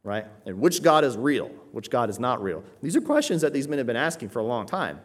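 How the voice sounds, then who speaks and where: Very animated and brisk, a man preaches a sermon with emphatic conviction, often checking in with "right?" His delivery swings from low, quiet stress to raised emphasis.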